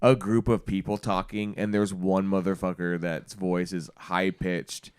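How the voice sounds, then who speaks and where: A man's voice: low-pitched, level tone, measured pace, a little mellow, clear, resonant tone, no room sound, clean studio sound. A man co-hosting a podcast, rambling through casual chat, laughing often and swearing freely. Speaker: podcast co-host.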